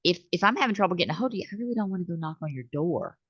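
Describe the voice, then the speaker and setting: Low-voiced woman telling stories. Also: racing, no echo. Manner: animated storytelling, acts out customer calls. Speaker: business owner guest. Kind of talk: conversational interview. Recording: slightly dull dry recording.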